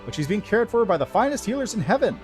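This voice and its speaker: A man's voice: high-pitched, very animated, quick pace, a little mellow, faint music behind, voice pushed up. A man voicing a solemn, ancient male angel herald in a mock French-tinged, old sci-fi style voice, reading game dialogue.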